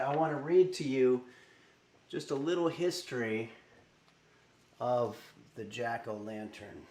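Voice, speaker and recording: A man's voice: on the high side, a little mellow, roomy sound. A man streaming live from home, chatting casually at his desk microphone and reading viewer messages aloud with lots of fillers. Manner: rambling, reads chat messages aloud with many fillers. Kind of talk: casual livestream chat.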